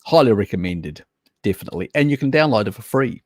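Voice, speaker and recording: A man's voice: lowish voice, animated, quick pace, a little mellow, no echo. A man hosting a casual live stream, chatting with viewers, reading their comments aloud and calling them mate. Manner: chatty, laughs often, addresses viewers as mate.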